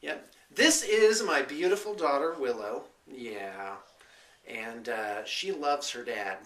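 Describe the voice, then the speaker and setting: A man's voice: mid-range voice, lively intonation, slow, a bit bright, roomy sound, distant mic. A man giving a casual, rambling vlog update, full of hesitant fillers. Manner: chatty, hesitant with lots of fillers. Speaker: vlogger and small business owner.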